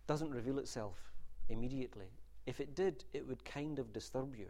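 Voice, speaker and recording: A man's voice: medium pitch, moderate pace, hardly any pauses, dark tone. A man giving a university literature lecture in a wry, discursive manner, with asides and restarts. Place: lecture room.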